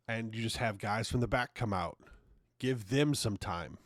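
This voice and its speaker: A man's voice: lowish voice, moderate pace, no room sound, clean studio sound. A man hosting his own podcast, ranting casually and swearing often in an exasperated way. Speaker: podcast host. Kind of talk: casual opinion monologue.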